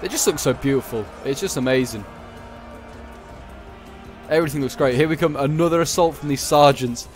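A man's voice: a little high, fairly quick, long pauses, soft background music. Chatty man commentating a game. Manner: chatty, thinking aloud with frequent fillers. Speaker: gaming commentator.

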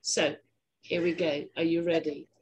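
A woman's voice: low-pitched, flat delivery, a little slow, low-quality recording. A woman with an English accent hosting a podcast interview, chatty and digressive, laughing easily. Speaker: podcast host. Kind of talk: casual interview chat.

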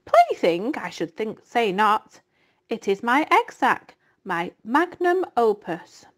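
A wise old spider from a storybook, tired but kind, voiced by a woman. Her voice is soft and measured and sits a little above ordinary speech. She unhurriedly lingers over her words. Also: fairly high pitch, sing-song, heavily acted. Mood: gentle. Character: wise, weary female spider, gentle and proper.

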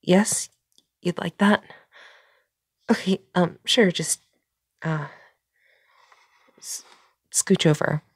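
A woman performing a scripted audio role-play as a caring friend, talking in a nervous, soft-spoken way with frequent stammers and pauses. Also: lowish voice, slightly rough, no echo, clean studio sound.

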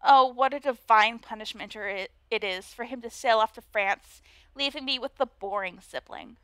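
A woman's voice: fairly high pitch, moderate pace, fairly bright tone, clear, resonant tone, no room sound, lightly acted. A woman voicing a snobbish young noblewoman, a mean girl with a put-on Valley Girl accent. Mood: sneering. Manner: sneering, drawling.

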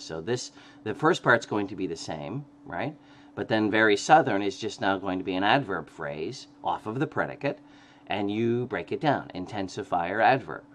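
A man's voice: on the low side, a bit bright. A man lecturing on grammar, explaining step by step, often checking in with "okay?" and correcting himself as he goes. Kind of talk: recorded classroom lecture.

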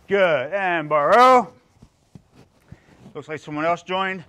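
A man teaching a live-streamed karate class for young beginners, calmly explaining moves between sharp shouted counts and kiai. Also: fairly high pitch, moderate pace. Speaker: karate instructor. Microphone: phone or laptop for a live stream.

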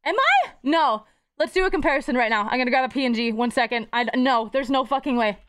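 A woman's voice: high-pitched, lively intonation, fairly bright tone, clean tone. A young woman streaming live, chatting casually with her chat, playful and profane. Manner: playful, swearing, quick jumps between topics.

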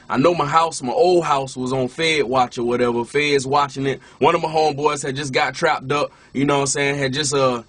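A man's voice: mid-range voice, fairly bright tone, husky, no room sound. A man, a minister and former rapper, telling his personal testimony in a casual way, often saying "you know what I'm saying" and restarting his words.

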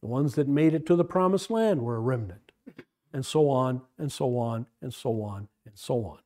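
A man's voice: medium pitch, expressive, normal speed, dark tone. A man leading a Bible study class, questioning his students and repeating phrases as he works through a passage.

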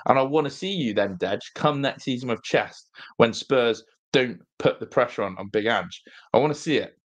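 Young man, mid-pitched voice, mocking, repetitive, casual football banter. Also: animated, moderate pace. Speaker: football podcast co-host, fan.

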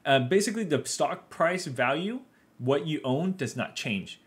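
A man's voice: on the high side, animated, unhurried. A man hosting a finance video, casually explaining market news from home in a loose way with lots of fillers.

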